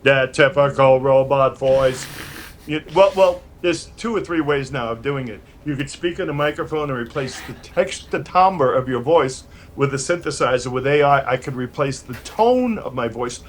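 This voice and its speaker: An older man from New York talks over a video call from his home studio, his voice sitting a little high for a man. He tells his stories in an animated, rambling way and keeps restarting his sentences. A faint hiss of noise runs underneath. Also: normal speed, hardly any pauses. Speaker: guest musician and producer. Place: home studio full of synth gear.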